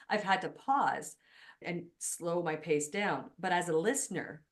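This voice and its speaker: A woman whose first language is French, hosting a podcast conversation, talking fast and emphatically. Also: on the low side. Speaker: podcast host. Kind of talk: casual conversation.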